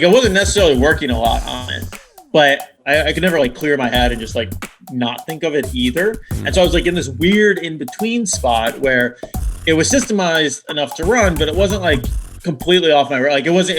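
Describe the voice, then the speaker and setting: A man's voice: on the high side, a bit bright. Thoughtful male podcast guest, faint music. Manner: thoughtful, filler-heavy, halting. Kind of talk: reflective interview answer.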